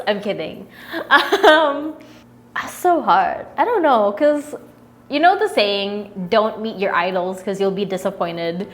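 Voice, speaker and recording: A woman's voice: medium pitch, animated, a little slow. A young woman from the Philippines answering viewer questions in a casual, rambling chat, laughing often and getting sentimental.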